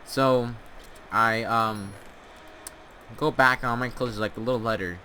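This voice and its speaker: A man telling an absurd comic story in a meandering, deadpan way, full of filler words. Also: mid-range voice, slow, slight background noise. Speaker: storyteller host.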